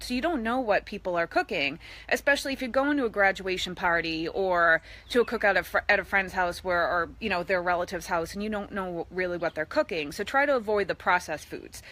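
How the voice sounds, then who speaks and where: Bright, chatty raised woman. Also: mid-range voice. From East Boston, USA. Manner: chatty, with playful voiced asides. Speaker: fitness coach. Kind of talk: live social media video.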